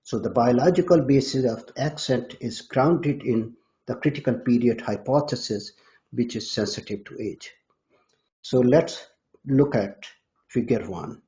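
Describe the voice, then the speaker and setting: A man explaining a scholarly topic in a measured, lecturing way, sometimes restarting words. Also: medium pitch, mellow. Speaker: guest expert. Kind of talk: academic explanation. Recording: dull lo-fi audio.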